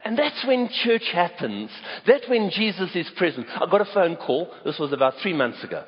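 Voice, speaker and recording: Lively South African pastor preaching. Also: male voice, sits high, normal speed, breathy edge. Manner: emphatic, storytelling preacher who stresses key words. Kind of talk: sermon. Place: church auditorium. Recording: echoey hall, dull lo-fi sound.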